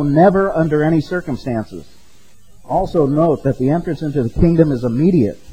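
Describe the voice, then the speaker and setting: Mellow-voiced man preaching conversationally. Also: on the high side, slightly rough, poor audio. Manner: conversational, peppered with "okay?" and "right?". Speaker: pastor. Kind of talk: sermon.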